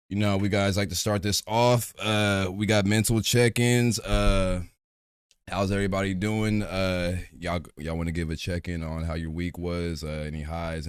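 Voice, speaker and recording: Low-pitched guy hosting a chill podcast, rambly, swears a lot, smooth voice. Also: no room sound, clean studio sound. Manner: rambling, loose and profane. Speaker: podcast host. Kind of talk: casual podcast chat. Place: home streaming setup.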